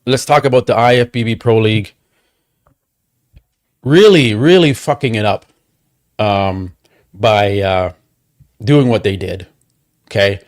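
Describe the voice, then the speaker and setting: A man hosting a livestream, ranting angrily with heavy swearing and repeated rhetorical questions. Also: fairly low pitch. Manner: profane, heated, rapid repetitions and rhetorical questions. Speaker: livestream host. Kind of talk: angry watchalong rant.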